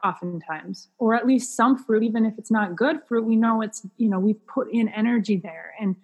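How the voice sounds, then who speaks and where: Thoughtful husky woman in a reverberant room. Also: a little high, highs cut off. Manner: thoughtful, unhurried, many fillers. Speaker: guest author. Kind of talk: podcast interview.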